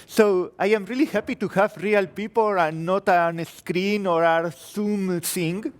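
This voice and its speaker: A man's voice: high voice, fairly even intonation, unhurried. A man from Spain with an English accent mixing Spanish and French traits, giving a chatty, self-deprecating tech conference talk. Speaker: conference speaker. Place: conference hall.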